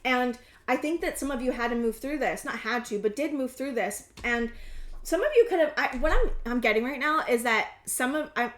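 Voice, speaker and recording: A woman in her thirties with a fairly high voice talks through a tarot reading, rambling and intuitive, stopping and restarting as she goes. Her voice carries a noticeable room echo. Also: fairly bright tone. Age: 30s. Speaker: tarot reader. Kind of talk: casual tarot reading to camera.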